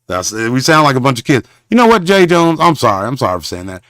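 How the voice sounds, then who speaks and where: A man from Southern hosting a confrontational livestream rant, rambling and halting, with preacher-like condemnations. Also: medium pitch, big pitch swings, a bit bright, no echo, studio quality. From Southern Oklahoma. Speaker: show host.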